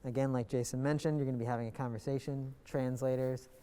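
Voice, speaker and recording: A man's voice: medium pitch, steady tone, quick pace, mellow, clean tone, in a large hall. A man casually explaining improv activities as a workshop instructor. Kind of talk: explaining teaching exercises.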